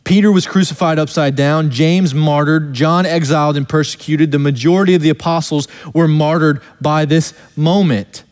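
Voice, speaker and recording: A man preaches in a somewhat high voice, and his words trail off into the long reverb of a church sanctuary. He reads scripture slowly and with weight, then moves on in earnest explanation. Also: steady tone, a little mellow. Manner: earnest expository preaching, slows down to stress quoted verses. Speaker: pastor. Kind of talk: sermon.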